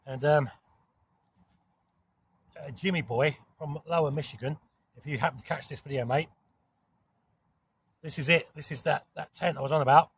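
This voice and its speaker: Sitting in a small, hot woodland tent, a southern English camping vlogger chats casually to camera in a gravelly, fairly high-pitched voice with a southern English accent. His talk rambles, mild swear words slipping out and quick apologies following. Soft outdoor sounds linger faintly, along with a little hiss or hum.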